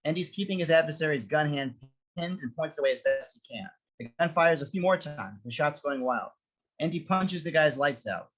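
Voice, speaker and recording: A man's voice: on the high side, normal speed, poor audio. Man reading stage directions. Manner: steady, descriptive reading. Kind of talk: script reading narration.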